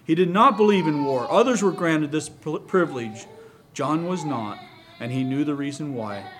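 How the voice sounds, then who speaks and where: A man preaching, reading a story aloud to a congregation in a calm, steady way. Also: a little high, moderate pace.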